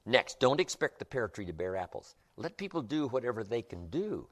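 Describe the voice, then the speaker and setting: A man's voice: medium pitch, big pitch swings, a little fast. A man giving a motivational seminar lecture with an emphatic, repetitive rhythm. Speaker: motivational speaker.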